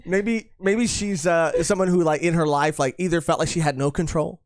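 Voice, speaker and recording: A man's voice: on the high side, normal speed, no echo, studio quality. A man co-hosting a podcast live stream, chatting casually and rambling with lots of fillers and repeated phrases. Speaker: podcast co-host.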